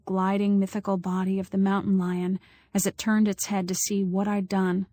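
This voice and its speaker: Woman narrator for a novel audiobook, even and level delivery, dry close recording. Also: medium pitch, dry recording. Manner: acts out quoted voices with small shifts. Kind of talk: scripted narration.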